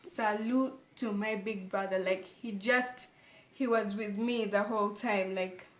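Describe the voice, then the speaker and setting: A young woman telling a personal story to her viewers in an animated, emphatic way. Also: mid-range voice, measured pace. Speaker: vlogger. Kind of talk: casual storytelling to camera. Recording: echoey room, faint background noise.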